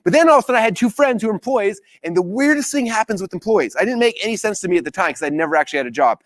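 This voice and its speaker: Man, 30s, upbeat live trainer, rapid delivery, slightly high voice, dry close sound. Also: no room sound. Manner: energetic storytelling, acting out quoted dialogue. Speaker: business coach.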